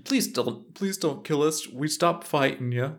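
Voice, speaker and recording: A man's voice: a little high, a little slow, voice pushed up. A man voicing a jittery male thief who stammers and pleads. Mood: nervous. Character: nervous male thief hiding underground.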